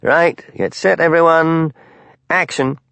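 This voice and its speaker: A man's voice: a little high, fairly even intonation, slow pace, creaky, fairly bright tone, smooth, dry recording, voice pushed up, exaggerated voice. A man voicing a bossy film director who barks out commands. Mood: commanding.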